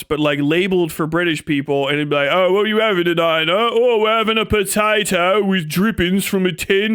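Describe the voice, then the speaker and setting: A man's voice: high-pitched, a bit bright, no echo, clean studio sound. A man hosting a live stream, delivering a rambling, profane, mocking comedic rant. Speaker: livestream host.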